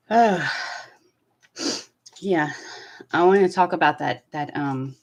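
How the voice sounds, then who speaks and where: A woman with a drawl chats through her commentary, her voice sitting low for a woman. She rambles a little, with plenty of fillers as she gathers her thoughts. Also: a little mellow. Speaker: commentary host. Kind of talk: casual commentary chat.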